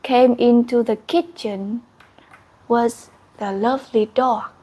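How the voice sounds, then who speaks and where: A woman's voice: fairly high pitch, steady tone, slow pace, dark tone, husky. A young adult woman telling a story as an English lesson, with English, sound effects and gasps. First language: Vietnamese. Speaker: English teacher.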